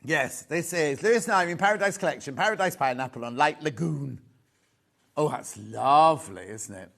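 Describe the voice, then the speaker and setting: A man's voice: fairly high pitch, expressive, moderate pace, vocal fry, fairly bright tone. A man with a Yorkshire accent presenting fabric on a live shopping channel, chatty and gushing, full of asides. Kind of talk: live TV sales chat.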